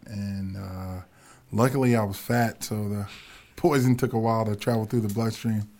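Man, low voice, gravelly, storytelling, casual podcast guest. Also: fairly even intonation, moderate pace, a little mellow. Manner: storytelling, laughs while talking. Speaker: guest, football coach.

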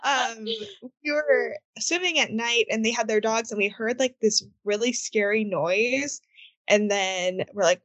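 A woman co-hosting a podcast, telling animated personal stories in casual chat and laughing mid-sentence. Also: medium pitch, fairly quick, dry recording. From Southern California. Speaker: podcast co-host.

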